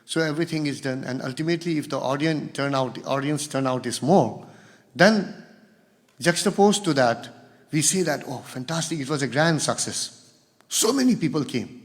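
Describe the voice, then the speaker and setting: Guest speaker, man, slightly high voice, storytelling spiritual talk in a reverberant hall. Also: expressive, moderate pace. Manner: storytelling, acts out quoted dialogue.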